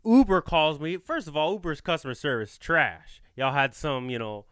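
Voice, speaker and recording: A man hosting a podcast, telling a story in casual chat with a playful, animated delivery. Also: fairly high pitch, normal speed, clean tone, no echo, clean studio sound. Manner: animated, playful, slips into quoted voices. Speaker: podcast host.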